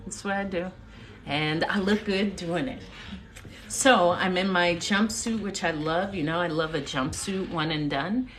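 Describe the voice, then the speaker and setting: A woman's voice: on the low side, unhurried, fairly bright tone. A middle-aged woman storyteller chatting casually to livestream viewers from her home kitchen, effusive and upbeat, thanking people by name. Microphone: phone livestream.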